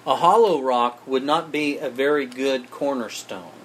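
A man's voice: medium pitch, measured pace, a little hiss or hum. A man preaching a sermon, speaking emphatically and addressing his listeners as friends.

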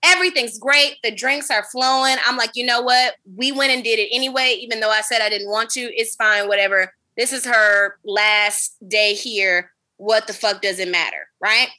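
A woman hosting a casual chat, telling a long story in an animated, profane, dramatic way. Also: on the high side, moderate pace, few pauses. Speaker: podcast host.

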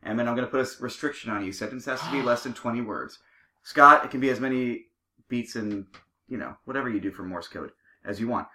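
A man's voice: mid-range voice, fast, bright, forceful tone, echoey room. A man hosting a comedic podcast, rambling and joking with lots of restarts. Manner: rambling, jokey, restarts a lot. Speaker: podcast host.

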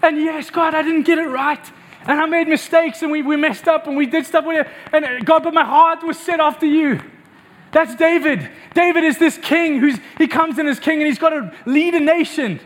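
A man's voice: extremely high pitch, normal speed. A young man from South Africa preaching a sermon, telling stories animatedly and acting out quotes. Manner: animated storytelling with acted quotes.

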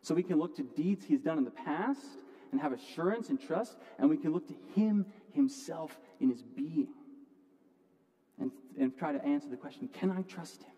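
A man preaching a sermon from the pulpit, earnest, often restarting words and moving between loud and quiet passages. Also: fairly high pitch, expressive, moderate pace. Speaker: pastor. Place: church sanctuary. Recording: long hall reverb.

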